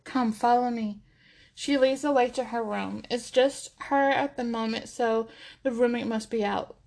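A woman narrates a story in a steady, measured reading voice. Her voice sits slightly high. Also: gravelly.

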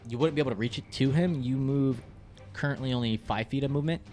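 A man's voice: mid-range voice, fast talker, darkish tone, soft background music. A man narrating a tabletop game as game master, patiently explaining rules and laughing often.

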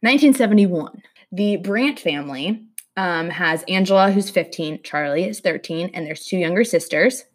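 Young female host, low-ish voice, animated casual storyteller who acts out quotes. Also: normal speed. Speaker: podcast host telling a true crime story.

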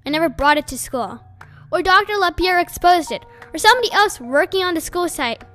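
A woman's voice: extremely high pitch, lively intonation, brisk, a bit bright, soft background music. A woman reading an audiobook, voicing a teenage boy who rages and accuses his friend. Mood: furious. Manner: raging, accusing, sputtering.

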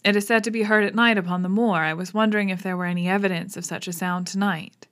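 A woman voicing a fussy, nervous male naturalist who talks in an excited, fluttering way. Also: mid-range voice, fast, natural voice. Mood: probing.

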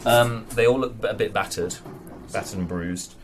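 A man's voice: on the low side, moderate pace. A man narrating as game master, hesitant and full of restarts. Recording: noisy home recording.

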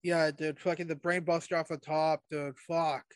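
A young man co-hosting a casual wrestling chat, enthusiastic and profane, quick to agree. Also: on the high side, flat delivery, dry recording. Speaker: podcast co-host.

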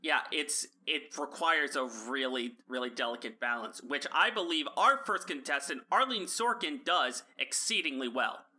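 A man hosting a podcast in casual chat, chatty, with frequent restarts and quick asides. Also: a little high, animated, pushed and bright, slight background noise. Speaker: podcast host.

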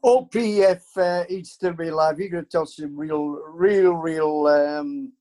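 An older man tells long, rambling stories as an interview guest. His voice sits notably high, and he keeps pausing on ums and starting his sentences over. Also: warm tone. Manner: rambling anecdotes with many fillers and restarts. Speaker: interview guest, former football club staff. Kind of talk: casual storytelling.

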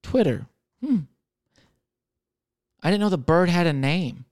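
A man's voice: sits high, very animated, takes it slowly, a little mellow. Crude sarcastic man in his thirties. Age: 30s. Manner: sarcastic, crude, self-mocking storytelling. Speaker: server, solo podcaster. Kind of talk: casual solo chat answering question cards.

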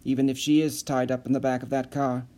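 A man's voice: little pitch movement, fast talker, dark tone, natural voice. A man reading an audiobook, voicing a nervous, eager man who gushes and talks in a breathless tumble. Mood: pleading. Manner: breathless, tumbling, high-strung. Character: anxious eager middle-aged man, gushing.

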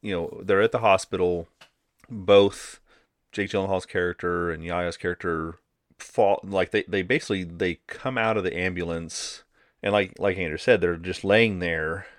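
Deep-voiced man recapping a movie plot. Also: fairly even intonation, normal speed, dry recording, clean studio sound. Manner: rambling plot recaps with fillers. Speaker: podcast co-host. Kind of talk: casual movie review chat.

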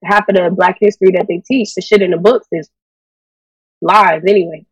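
A woman co-hosting a casual chat show, giving her opinions in a relaxed, conversational way. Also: on the low side, normal speed, slightly rough, dry recording, recorded from a distance, rough recording. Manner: relaxed, opinionated, says "you know" often. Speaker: podcast co-host.

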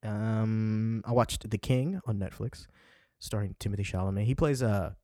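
A man's voice: on the low side, fairly even intonation, normal speed, dark tone, no room sound, clean studio sound. A man in his twenties co-hosting a podcast, chatting in a loose, rambling way with plenty of swearing. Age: 20s. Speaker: podcast co-host. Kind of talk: casual chat. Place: indoors by a window.

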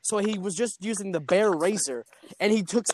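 A man's voice: high voice, moderate pace, darkish tone. A young man hosting a casual podcast, telling a story in a loose, slangy, rambling way and laughing along. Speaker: podcast host. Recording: noisy home podcast recording.

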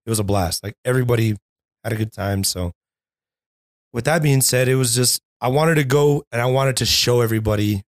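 A man's voice: mid-range voice, a little fast, dry recording. Man in his thirties, DJ guest, easygoing chat, laughs a lot, dry close sound. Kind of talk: casual chat.

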